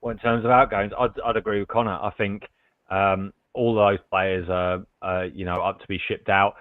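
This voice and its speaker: A man's voice: fairly low pitch, level tone, moderate pace, no echo. Chatty man on a tinny remote line. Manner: chatty, playful. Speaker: panel guest. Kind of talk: casual football discussion.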